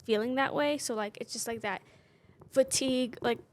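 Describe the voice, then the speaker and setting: Her voice is a little high and moves at a normal speed. She's a twenty-something podcast co-host in casual conversation, open and personal, with "like" filling nearly every sentence.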